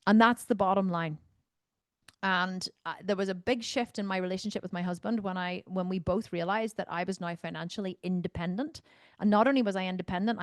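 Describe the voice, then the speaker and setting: A Northern Irish woman answers questions on a video call in a blunt, salty, animated way. Her voice sits at a middling pitch and is close and dry, with almost no room sound. She drops into quiet asides and then jumps up into loud outbursts. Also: no room sound. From Northern Ireland. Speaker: fitness coach answering member questions. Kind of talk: casual Q&A on a group video call. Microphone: video call microphone.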